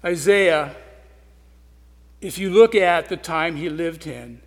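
A man with a high voice preaches a sermon with earnest intensity. He leans into loud emphasis, then drops to quiet, soft asides. His voice rings with the long reverb of a large hall. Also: takes it slowly, pauses often.

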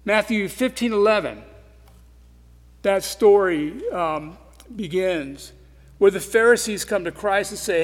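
A man preaching a sermon in an earnest way, swinging between loud emphasis and quiet, soft asides. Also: high-pitched, slow. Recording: long reverb of a large hall.

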